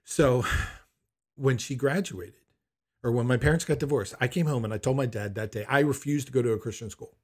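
Husky middle-aged man telling a story. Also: medium pitch, fairly quick. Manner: emphatic, incredulous storytelling. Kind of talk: personal anecdote.

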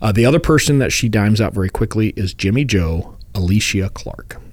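A podcast co-host with a lowish, darkish, expressive voice talks a little fast as he walks through a true crime case. He tells it casually like a story, chuckles often and performs quotes in funny voices. The recording is dry.

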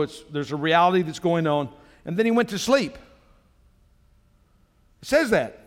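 A man's voice: high voice, fairly bright tone, big-room sound. A man pastor preaching a sermon, emphatic, climbing into fervent exhortation.

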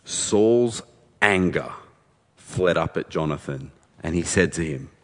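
A man's voice: low-pitched, expressive, takes it slowly, long reverb tail. A man preaching a sermon in a conversational storytelling way, retelling scripture with casual asides.

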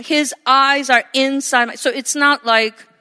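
A woman pastor preaches with a high, bright voice that rings sharply. She is emphatic, repeats her phrases and calls on the listeners for amens. The sound lingers in a long hall reverb. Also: fairly even intonation, measured pace. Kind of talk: sermon.

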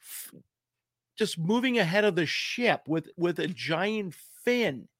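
A man co-hosting a podcast, chatting casually about a movie, animated and laughing often. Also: high voice, slow pace, no room sound, studio quality. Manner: animated, laughs often, puts on silly voices. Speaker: podcast co-host.

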